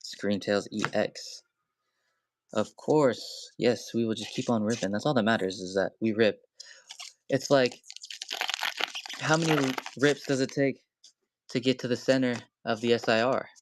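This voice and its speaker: A young man hosting a live stream, opening card packs and chatting with viewers in a loose, excitable way that turns to yelling and swearing when a pull hits. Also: mid-range voice, a little slow, pauses often, noisy background. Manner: excitable, swears when thrilled, talks to chat. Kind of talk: casual live-stream chat.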